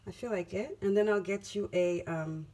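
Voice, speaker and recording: A woman's voice: medium pitch, moderate pace, mellow. A woman giving a casual tarot reading, emphatic and repeating phrases for effect. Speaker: tarot reader.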